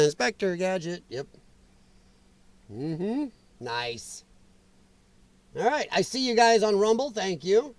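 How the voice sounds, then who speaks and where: A man hosts a political commentary livestream, ranting his opinions and answering viewer chat as he goes. His voice sits fairly high and swings widely up and down. The sound is dry and close, with almost no room echo. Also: sing-song, measured pace, pauses often. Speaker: host.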